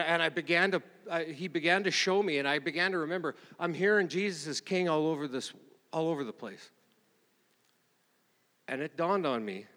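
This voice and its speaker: Middle-aged male pastor, slightly high voice, chatty, rambling sermon delivery, long hall reverb. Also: fairly bright tone. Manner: rambling, conversational, with many fillers and restarts. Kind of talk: informal sermon. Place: church meeting room.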